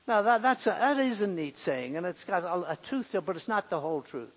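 Man preaching a sermon, high husky voice, slow earnest delivery, long hall reverb. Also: expressive. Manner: earnest, repeating key phrases for emphasis.

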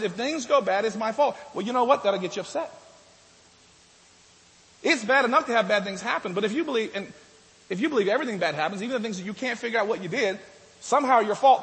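A male pastor preaching a sermon in a conversational way, with many restarts, moving between louder and softer passages. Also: sits high, big-room sound, rough recording. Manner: conversational preaching, with restarts and shifts from loud to soft.

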